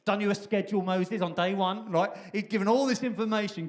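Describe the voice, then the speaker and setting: A man preaching a sermon, retelling the scripture story in a lively, conversational way, acting out the dialogue and laughing often. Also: high-pitched, fairly quick. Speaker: pastor.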